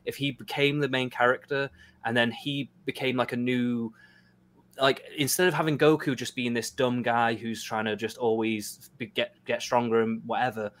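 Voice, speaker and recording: A man in a casual stream chat, explaining at length in a measured way, with frequent "like". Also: mid-range voice, little pitch movement, fairly bright tone. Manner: measured, explanatory, uses "like" often.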